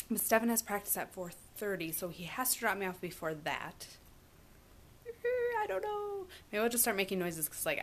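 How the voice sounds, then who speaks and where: A woman's voice: medium pitch, slight background noise. A young woman, a mom, chatting casually to her camera at home, rambling with fillers. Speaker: vlogger, mom. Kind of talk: casual vlog chat. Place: family home, indoors.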